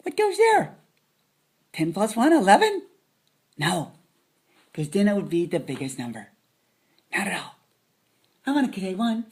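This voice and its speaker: A woman's voice: medium pitch, very animated, measured pace, long pauses, a little mellow, breathy edge. A woman giving a playful math lesson to children, dropping silly jokes as she counts. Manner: silly, joking asides.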